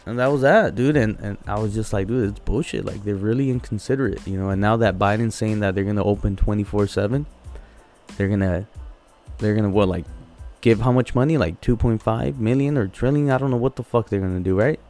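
A man's voice: lowish voice, a little fast, darkish tone, soft background music. A man on a podcast telling a heated story, swearing constantly and repeating words as he goes. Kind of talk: casual profane storytelling.

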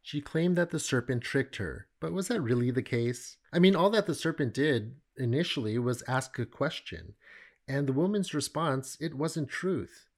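A middle-aged man teaching from the Bible in a relaxed, conversational way, with animated storytelling. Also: medium pitch, normal speed.

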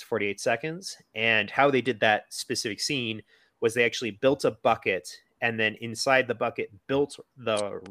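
Talking through a film with his podcast partner, this man keeps it loose and chatty, packing in fillers, jokey tangents and goofy impressions of the characters. His pitch is medium and his tone fairly bright, captured dry.

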